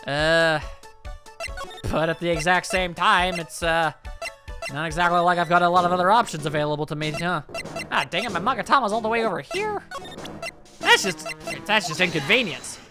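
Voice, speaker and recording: Joking man playing through a game. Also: sits high. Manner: joking, rambling asides. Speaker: let's play host. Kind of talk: casual gameplay commentary. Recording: game music underneath.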